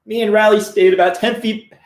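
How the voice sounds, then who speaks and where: A man giving a deadpan, mock-serious reading of a children's book on a live stream, breaking off for crude asides. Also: high voice, brisk, reverberant.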